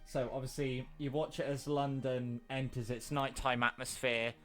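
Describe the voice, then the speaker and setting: A man narrating a tabletop game as game master, relaxed and rambling with many pauses. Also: mid-range voice, soft background music.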